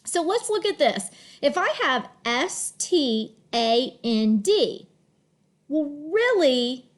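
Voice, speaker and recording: A woman teaching young children to read, sounding words out piece by piece at a very slow, unhurried pace. Her voice sits a little high and moves through a lively, expressive melody. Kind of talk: phonics lesson for children.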